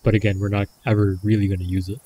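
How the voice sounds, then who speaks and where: Low, mellow-voiced man narrating gameplay. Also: flat delivery, racing, slight background noise. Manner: musing, talks himself through choices. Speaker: gameplay commentator. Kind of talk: casual gameplay commentary.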